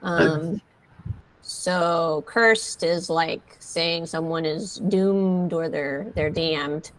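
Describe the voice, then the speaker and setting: Woman English tutor, low and unhurried, patient explainer. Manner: patient, explains with many fillers. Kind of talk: slow, careful vocabulary teaching.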